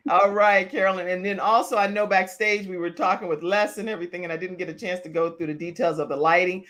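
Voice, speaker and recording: A woman's voice: fairly low pitch, fairly even intonation, quick pace, fairly bright tone. A woman hosting an online talk show over a video call, chatting playfully, teasing her guests and laughing often.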